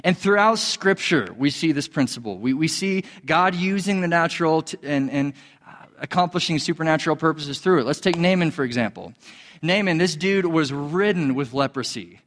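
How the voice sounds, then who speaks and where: A man preaching a sermon as a pastor, animated, acting out quoted voices. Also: normal speed, long reverb tail. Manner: animated, acts out quoted voices in a higher pitch.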